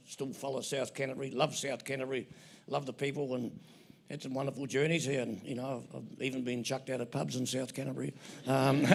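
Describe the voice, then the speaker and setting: A gravelly older man with a New Zealand accent speaks on stage at an awards night, his voice pitched a little high. He rambles from one anecdote to the next, stopping and restarting as he jokes his way through his thanks. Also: a bit bright. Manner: rambling, joking, self-interrupting. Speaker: award recipient. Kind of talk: acceptance speech with anecdotes.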